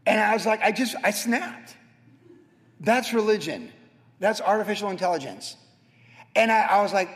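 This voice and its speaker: A man preaching a sermon as pastor, telling stories with animated, acted-out moments. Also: high voice, normal speed. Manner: animated storytelling, acts out his own past self. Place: church sanctuary. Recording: church hall with long reverb.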